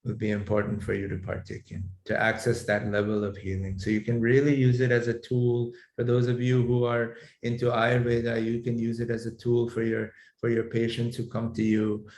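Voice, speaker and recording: A man's voice: medium pitch, monotone, darkish tone. Man teaching in an echoey room. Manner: measured, explanatory, with many fillers and restarts. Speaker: mantra therapy teacher. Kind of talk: lecturing to a class.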